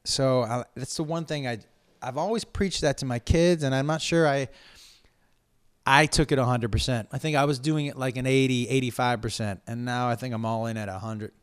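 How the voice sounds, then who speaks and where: A man's voice: mid-range voice, steady tone, normal speed, smooth, no echo, studio quality. A middle-aged man from Massachusetts hosting a comedy podcast, rambling with profanity, repeating phrases for emphasis and drawing out his vowels. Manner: holds on to vowels. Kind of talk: casual podcast chat, reading listener questions.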